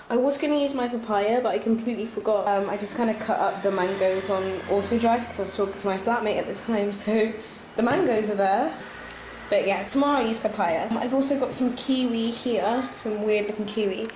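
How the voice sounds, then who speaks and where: A woman's voice: fairly high pitch, darkish tone, a little hiss or hum. A young woman chatting casually in a vlog, rambling with lots of fillers. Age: young adult. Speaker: vlogger teaching abroad. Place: home kitchen, indoors.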